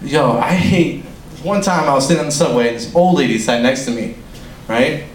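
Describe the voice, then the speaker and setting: A man's voice: mid-range voice, expressive, normal speed, a little hiss or hum. A young man doing an amateur stand-up set, rambling, swearing and laughing at his own jokes, in a small room with an audience. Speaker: stand-up comic. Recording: echoey room, faint ambience.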